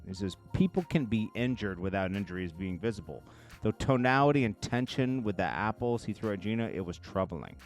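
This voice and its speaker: Low-voiced man reading court transcript. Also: lively intonation, brisk, soft background music. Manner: reads quotes in a low murmur, then reacts loudly with laughs. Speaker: commentary host reading court testimony. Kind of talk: casual commentary, reading transcript aloud.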